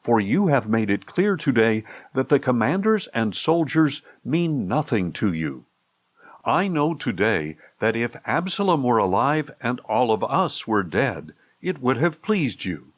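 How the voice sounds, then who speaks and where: Guy narrating a bible audiobook, slow and steady, dry studio sound, voice moves up and down a lot. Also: mid-range voice, dry recording. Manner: slow, measured, expressive reading. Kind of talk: scripture reading.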